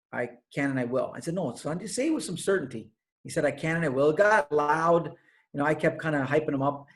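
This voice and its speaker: A man giving a motivational talk over a video call, conversational and full of stories, with fillers. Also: fairly high pitch. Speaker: speaker.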